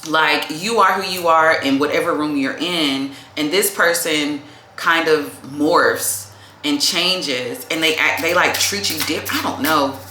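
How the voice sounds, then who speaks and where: A woman's voice: deep voice, unhurried, bright, forceful tone, slight background noise. A woman giving a casual tarot reading to camera. She is chatty, calls the viewer "baby" and says "like" a lot. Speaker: tarot reader. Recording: echoey room.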